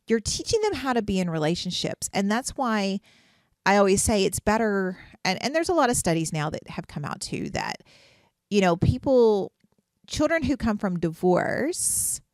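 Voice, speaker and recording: A woman's voice: medium pitch, a little mellow, no echo, clean studio sound. A middle-aged woman, a therapist hosting a podcast, talking earnestly about relationships, asking rhetorical questions and restarting her sentences as she goes. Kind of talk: casual advice podcast monologue.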